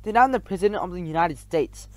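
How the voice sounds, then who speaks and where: A man's voice: high-pitched, lively intonation, fast, a little mellow, no echo. A man reading aloud, voicing a haughty, scornful rat doorman who sneers at a visitor. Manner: sneering, disbelieving.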